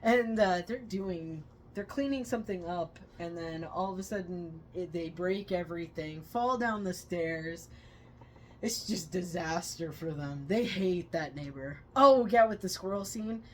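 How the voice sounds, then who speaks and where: A woman co-hosting a movie review channel, retelling scenes with loud excited quotes. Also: on the low side, measured pace, slight background noise. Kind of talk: casual movie review chat.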